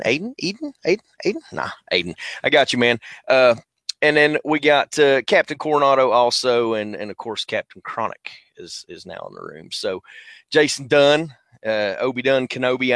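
A man's voice: medium pitch, no room sound. A man with a Southern US accent hosting a casual livestream podcast on a headset, laid-back and slangy as he greets viewers by name. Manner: laid-back, slangy, shouting out chat names. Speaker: podcast host.

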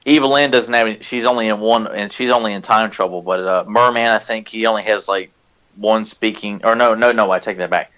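A man co-hosting a casual podcast chat, animated, restarting his sentences as he talks. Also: fairly low pitch, a little fast, lo-fi sound. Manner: animated, repeats words when starting sentences. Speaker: podcast co-host.

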